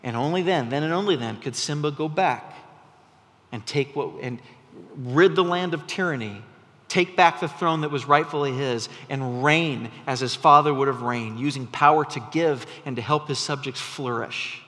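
Animated preacher man, bright voice, big hall. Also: medium pitch, normal speed. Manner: animated storyteller, voice rising when excited. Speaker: pastor. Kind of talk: sermon. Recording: long reverb from a large hall.

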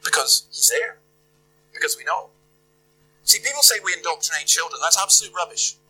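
Bright-toned man preaching. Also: a little high, lively intonation, fairly quick, low-quality recording. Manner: conversational, emphatic, rhetorical questions. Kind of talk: sermon. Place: church.

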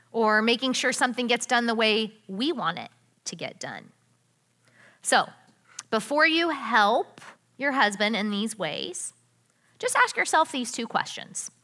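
Woman speaker, sermon-style talk; bright, fairly high voice; earnest, chatty, asks questions of the room. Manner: earnest, conversational, uses rhetorical questions. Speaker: women's ministry speaker.

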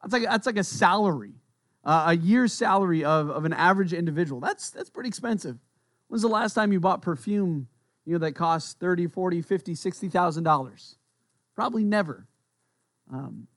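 A man's voice: sits high, lively intonation, moderate pace, no echo, studio quality. A man preaching a sermon as a pastor, conversational, with playful asides and repeated words as he thinks aloud.

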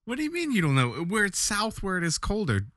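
A man co-hosting in casual chat, joking and quick to laugh while playing along with the story. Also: high voice, wildly swooping pitch, a bit bright, no room sound, clean studio sound. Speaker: co-host playing the reader.

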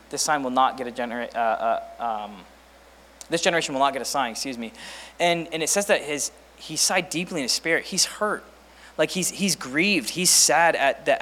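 A man's voice: medium pitch, fairly bright tone. Man preaching in an echoing hall. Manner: conversational, many fillers and restarts, asks the room questions. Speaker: pastor. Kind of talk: sermon. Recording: reverberant hall.

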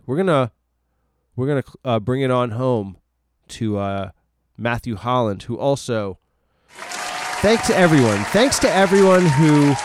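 A man's voice: mid-range voice, smooth. A man hosting a podcast alone in a room, talking in a rambling, self-mocking way with lots of filler words. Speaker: solo podcast host. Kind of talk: rambling casual monologue.

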